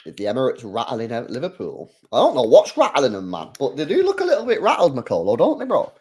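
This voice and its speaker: Chatty bloke streaming a match. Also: male voice, mid-range voice, a little fast, breathy edge. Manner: casual and chatty, slangy, with excited outbursts at match action. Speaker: streamer hosting a live match watch-along. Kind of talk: live football watch-along commentary, reading chat.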